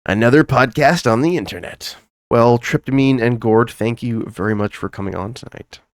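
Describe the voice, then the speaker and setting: A man's voice: mid-range voice, moderate pace, no echo, studio quality. A man hosting a podcast in casual chat, joking, swearing and laughing often. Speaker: podcast host.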